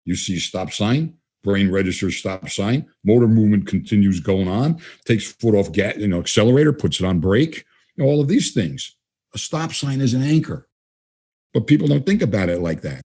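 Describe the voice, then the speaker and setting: Man, low voice, dark warm tone, storytelling guest, acts out conversations. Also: normal speed, slightly rough. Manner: animated, acts out both sides of dialogues. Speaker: guest trainer. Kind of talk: storytelling interview answers.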